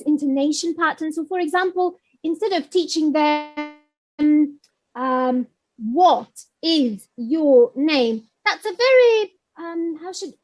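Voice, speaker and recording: A woman with a high voice presents a teacher-training webinar. She explains in a friendly way with plenty of ums and "you know". She bursts into animal sounds and short sung examples to show her points. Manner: animated, sings and mimics animal sounds to demonstrate; many fillers, friendly explaining.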